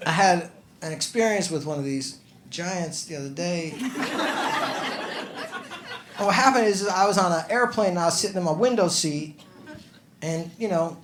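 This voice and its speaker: A male stand-up comedian on a comedy club stage, talking conversationally and building to loud exasperated outbursts. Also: sits high, moderate pace, long pauses. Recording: echoey club room with noisy ambience. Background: audience laughter.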